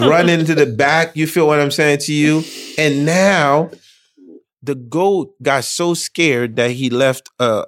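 A man telling a funny story casually, animated and slangy, acting out the other people's voices. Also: mid-range voice, dry recording, studio quality. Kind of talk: casual anecdote.

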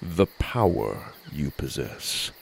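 A man voicing a huge, sleepy, gentle giant who speaks low, slow and hushed. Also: sing-song, gravelly, husky, full character voice. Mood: hushed, knowing.

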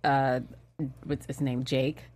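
A woman co-hosting a casual panel chat, enthusiastic and animated as she reads thanks and shares favorite moments. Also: very deep voice, takes it slowly. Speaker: co-host.

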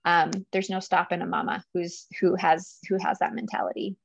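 A woman's voice: lowish voice, level tone, normal speed, creaky, dry recording, muffled recording. A woman speaking as a guest coach in a casual interview, earnest and emotional, often laughing as she talks. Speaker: guest, business coach for mothers.

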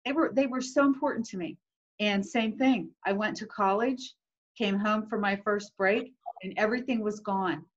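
A woman's voice: medium pitch, moderate pace. Chatty woman host, lo-fi sound. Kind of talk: casual conversation. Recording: dull lo-fi sound.

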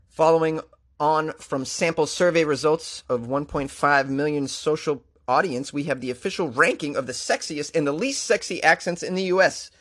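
Boston guy hosting a goofy news show, kinda high voice, cracking jokes between stories. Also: normal speed, a bit bright. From Boston area. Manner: wry, joking asides. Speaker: comedian and news show host. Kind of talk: comic news commentary.

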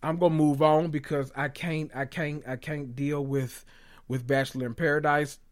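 A man's voice: a little high, moderate pace. Sassy, profane man gossiping. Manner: animated, sassy, profane, talks straight to listeners. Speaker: podcast host. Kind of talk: casual reality TV gossip monologue.

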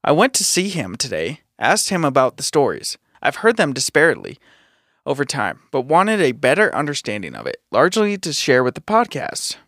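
A man hosting a podcast, reading a listener's ghost story in a steady, matter-of-fact way. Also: medium pitch, normal speed, no echo, studio quality. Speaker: podcast host.

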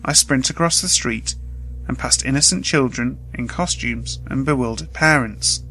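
A man reading a scripted first-person horror story in a steady, measured way, with faint music behind. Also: mid-range voice, low-quality recording.

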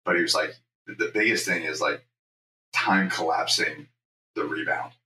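A man co-hosting a casual podcast chat, relaxed and supportive. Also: extremely low pitch, moderate pace. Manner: relaxed, supportive, frequent short agreements. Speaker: podcast co-host. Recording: echoey room, mic at a distance, faint ambient noise.

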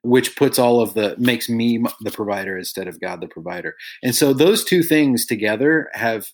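A man's voice: mid-range voice, moderate pace. Earnest middle-aged man telling a story. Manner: earnest, reflective, animated when quoting others. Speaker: guest, songwriter and author. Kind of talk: conversational storytelling.

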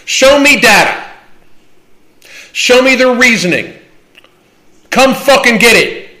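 High bright-voiced guy ranting on a livestream, swears a lot, combative. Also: lively intonation, slow. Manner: profane, combative and blunt. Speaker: livestream host. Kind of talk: livestream Q&A rant.

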